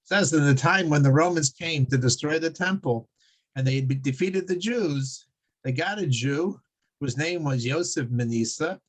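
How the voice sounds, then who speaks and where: A man teaching a Torah class, telling stories in a halting way with many restarts and frequent chuckles. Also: a little high. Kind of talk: religious class with storytelling.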